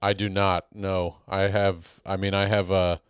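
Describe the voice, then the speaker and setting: Guy in a voice lesson, super low smooth voice, dry close sound, pretty chill. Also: little pitch movement, measured pace. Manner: easygoing, laughs off his attempts. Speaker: voice student. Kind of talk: casual lesson talk.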